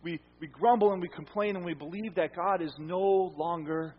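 A man delivers an earnest sermon in a husky, slightly high voice, repeating phrases for emphasis and letting his lines trail off quietly. The sound is dull and muffled, with a long reverb like a large hall. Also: moderate pace. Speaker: pastor.

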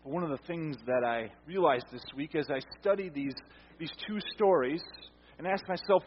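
A man preaching a sermon as pastor, earnest, repeating phrases for emphasis and letting his lines fall quiet at the ends. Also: fairly high pitch, moderate pace, slight background noise. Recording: dull, echoey hall sound.

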